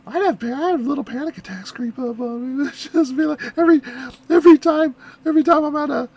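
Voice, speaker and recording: A woman hosting a reaction video, talking in an excitable, giggly way with lots of filler words. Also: high voice, fast talker. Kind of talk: casual reaction commentary.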